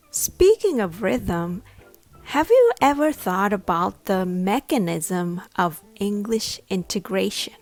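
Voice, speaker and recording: A woman pronunciation coach works through a scripted lesson, sounding out every syllable slowly and deliberately. Her mid-range voice is sing-song and a little mellow, with faint music in the background.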